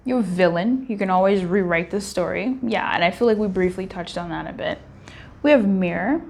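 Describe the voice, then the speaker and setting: A woman's voice: medium pitch, fairly quick, vocal fry, a little mellow. A young woman giving a casual tarot reading, candid and chatty, swearing and laughing as she talks straight to her viewers. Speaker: tarot reader.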